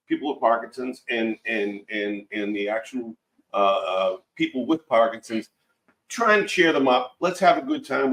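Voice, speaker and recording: A man's voice: medium pitch, a bit bright, rough recording. A man speaking as a podcast guest in casual chat, hesitant, full of "uh" and "um". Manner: hesitant, many fillers.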